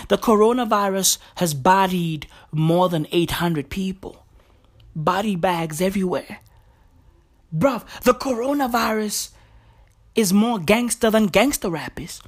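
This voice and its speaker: A young man doing a profane, mocking comic rant. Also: high-pitched. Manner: loud, swearing, mocking, animated. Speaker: comedy vlogger.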